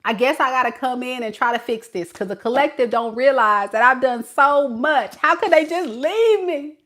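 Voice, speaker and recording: A woman's voice: high-pitched, moderate pace, a bit bright. A woman voicing a self-pitying adult who whines and complains like a child. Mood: whining. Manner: whining, complaining.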